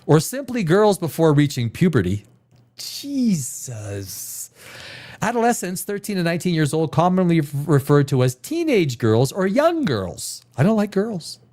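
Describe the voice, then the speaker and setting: Sitting in a desk chair in a room at home, a podcast host runs a live stream show and chats casually in a fairly high, very animated voice that's a little mellow and a little slow. He rambles and gets sarcastic, swears now and then, and mocks others in put-on voices.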